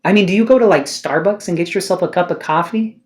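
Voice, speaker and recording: Tarot reader on camera, heartfelt and pushy, drops swears, keeps asking rhetorical questions, mid-pitched voice. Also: quick pace. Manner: earnest, emotional, swears casually, asks rhetorical questions. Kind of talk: spiritual card reading to camera.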